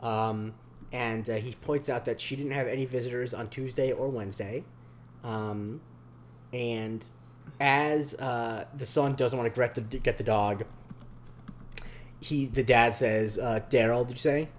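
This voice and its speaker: A man at an ordinary mid pitch talks loosely through an episode recap on a podcast. He rambles, restarts and leans on fillers in relaxed, unscripted chat. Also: slight background noise. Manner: rambling, filler-heavy, slips into quick voice impressions. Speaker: podcast co-host.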